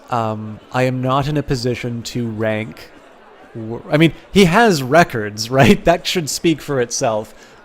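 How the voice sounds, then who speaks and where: A man chatting casually on a live stream at an ordinary mid pitch. He rambles, corrects himself often, and speeds up when he gets excited. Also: slight background noise.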